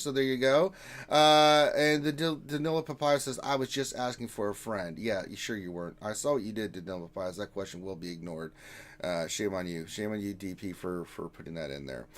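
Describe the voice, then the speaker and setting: Easygoing man hosting a live stream. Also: medium pitch. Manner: easygoing, jokey banter with viewers. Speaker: livestream host. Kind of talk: casual livestream chat, reading viewer comments aloud.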